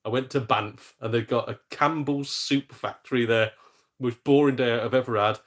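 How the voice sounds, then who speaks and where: A man's voice: mid-range voice, steady tone, moderate pace, fairly bright tone. A man hosting a casual live game stream, chatty and self-mocking, reading out viewers' messages. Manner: chatty, jokey and self-mocking, with mild swearing. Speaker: gaming streamer.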